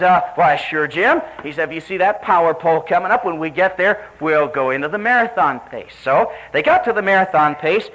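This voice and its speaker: A man preaching a sermon, telling a story in an animated way and acting out the voices he quotes. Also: low-quality recording. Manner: animated, acts out quoted voices with sharp pitch jumps.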